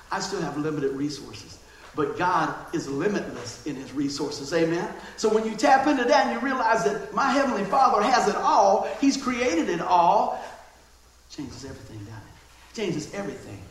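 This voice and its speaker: A man preaching in a big, ringing church hall with a faint hiss behind him. His voice sits high and swoops up and down as he tells homey stories, and he keeps calling for amens. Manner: lively preaching with folksy asides and amens. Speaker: pastor. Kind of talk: sermon.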